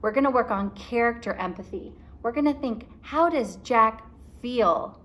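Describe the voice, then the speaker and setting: Expressive woman teacher reading aloud. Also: on the high side. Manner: slow, explanatory, expressive.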